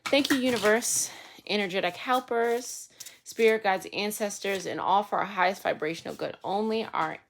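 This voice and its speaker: A woman giving a casual daily tarot reading, chatty and lively with slangy asides. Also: medium pitch, moderate pace. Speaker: tarot reader. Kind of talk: casual spiritual reading to camera.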